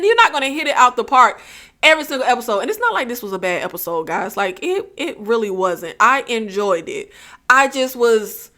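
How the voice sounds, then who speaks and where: A woman with a high, bright voice reviews a TV episode in a loose, chatty way. She is from the Southern United States, drops slang like "y'all" and "child" into her talk, and laughs easily as she goes. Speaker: TV review channel host. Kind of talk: casual chat review.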